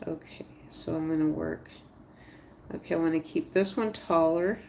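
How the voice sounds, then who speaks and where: A woman's voice: deep voice, moderate pace, vocal fry, darkish tone, slight background noise. A woman livestreaming a crochet tutorial, thinking aloud step by step, chatting with viewers and talking to her stitches. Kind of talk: casual live tutorial narration.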